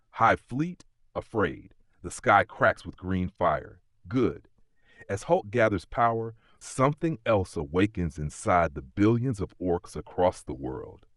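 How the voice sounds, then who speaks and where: Brief: a deep-voiced male narrator with dramatic storytelling delivery, dry recording. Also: no echo.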